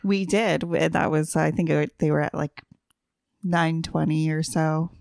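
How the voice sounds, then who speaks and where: A woman's voice: low-pitched, flat delivery, a little slow, vocal fry, darkish tone. A woman co-hosting a podcast, telling a travel story in a chatty, giggly way. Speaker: podcast co-host. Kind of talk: casual podcast chat.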